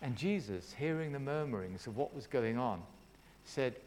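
A man's voice: mid-range voice, lively intonation, normal speed, darkish tone, slight background noise. A man preaching a sermon, retelling a story with dramatic flair and friendly asides to the congregation.

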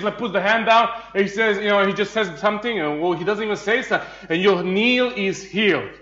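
A man's voice: high voice, bright, forceful tone. A man from Serbia, preaching a humorous sermon, telling jokey stories with laughs and many restarts. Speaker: pastor. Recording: dull lo-fi sound.

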